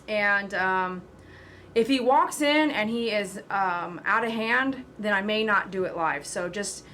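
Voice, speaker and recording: A woman pet groomer hosting a casual livestream, talking loud and chattily to her viewers and pitching a sale. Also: a little hiss or hum. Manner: loud, talkative.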